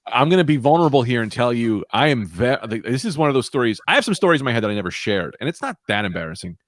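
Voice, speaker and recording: A man's voice: mid-range voice, fast, no echo. A man co-hosting a podcast, telling stories in a casual, self-mocking way over his own mic on a remote call. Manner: animated, self-mocking storyteller. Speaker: podcast co-host. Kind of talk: casual storytelling chat.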